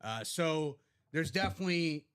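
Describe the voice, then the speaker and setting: Man, co-host, casual sports banter, opinionated, slightly high-pitched. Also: expressive, normal speed, a bit bright, clean tone. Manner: opinionated, conversational.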